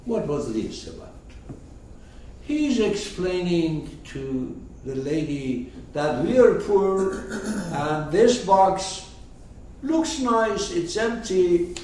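A man explaining a poem to his class, slow and emphatic, often putting questions to his listeners. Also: sits high, big pitch swings, darkish tone, a little hiss or hum. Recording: echoey room, mic far off.

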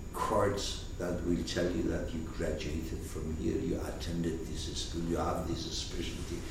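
Man, teacher, slow delivery, emphatic questions, very echoey room, faint background noise. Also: fairly low pitch, far from the mic. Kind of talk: lecture on a poetic text.

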